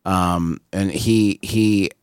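A man joking in a halting, deadpan way while chatting with fellow players. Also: sits low, clear, resonant tone, no echo, studio quality. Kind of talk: casual banter.

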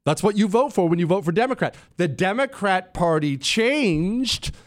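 Animated, opinionated male talk host. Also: sits high, normal speed. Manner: animated, opinionated, addresses producers and listeners directly. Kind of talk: political talk monologue.

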